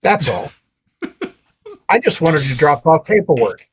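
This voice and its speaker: Male player, a touch high, dry and argumentative. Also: sing-song, slow pace, slight background noise. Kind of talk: casual tabletop play.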